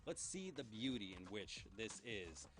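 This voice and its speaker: A man's voice: on the low side, very animated, a little slow, a bit bright, faint music behind. A young man hosting his own pop culture news show, chatting in a rambling, enthusiastic way. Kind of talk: casual solo show.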